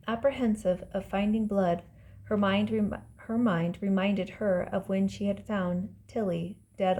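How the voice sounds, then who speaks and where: A woman reading her own novel aloud as audiobook narration, calm and measured. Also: medium pitch. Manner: calm, measured storytelling, voicing characters lightly.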